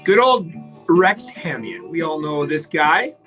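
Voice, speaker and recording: A man's voice: a little high, big pitch swings, slow pace, music in the background. A man hosting a live behind-the-scenes radio stream, chatting and joking with viewers as he reads their comments. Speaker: radio host reading viewer comments on a livestream.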